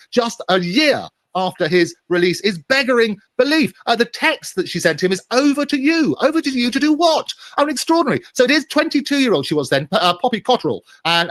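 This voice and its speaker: A man comments on the royals for a news interview at a brisk clip. His voice sits a little high, and it sounds close and dry with no room around it. He stumbles through fillers and restarts but keeps pressing his points with indignant stress. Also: fairly bright tone, dry recording. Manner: halting, full of uh fillers and restarts.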